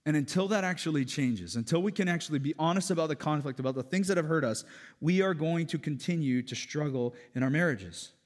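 A man preaching a sermon as pastor, animated and raising his voice to stress a point. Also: on the high side, fairly quick. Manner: animated preaching, voice rising for emphasis. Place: church sanctuary. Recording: church hall reverb.

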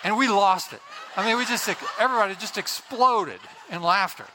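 A middle-aged man preaching, telling a funny church story in an animated way, laughing as he goes. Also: sits high, moderate pace, background noise. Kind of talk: sermon with a humorous story.

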